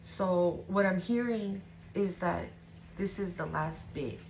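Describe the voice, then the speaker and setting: Her voice is on the low side and a little mellow, and she takes her time; the rough recording carries some hiss or hum. As a tarot reader offering viewers an intuitive reading, she gets emotional, cusses casually, and often asks "right?".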